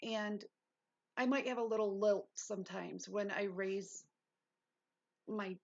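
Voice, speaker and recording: A woman's voice: medium pitch, fairly even intonation, slow, gravelly, a little mellow, muffled recording. A woman hosting a casual livestream lesson, reading notes aloud and breaking off into chatty asides. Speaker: livestream host.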